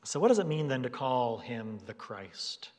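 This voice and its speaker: A man's voice: medium pitch, sing-song, normal speed, darkish tone. Conversational preaching man in a reverberant hall. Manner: conversational preaching, acts out quoted voices. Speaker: pastor. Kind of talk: sermon.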